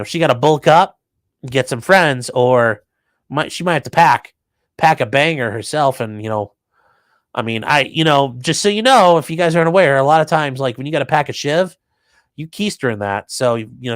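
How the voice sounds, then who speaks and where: A man's voice: mid-range voice, expressive, brisk, dry recording. Casual crude-joking male streamer. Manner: offhand, crude jokey asides. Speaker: livestream host reading chat. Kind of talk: casual livestream commentary.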